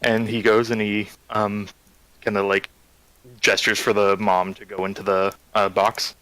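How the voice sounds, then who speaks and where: A man's voice: fairly low pitch, level tone, a little slow, a bit bright, dry recording, low-quality recording. A man narrating a tabletop game in a casual, hesitant way.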